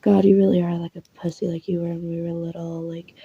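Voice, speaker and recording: A woman's voice: fairly low pitch, flat delivery, fast, vocal fry, dark tone, husky, highs cut off. A woman voicing a stubborn, mocking younger sister who swears a lot in an audio role-play.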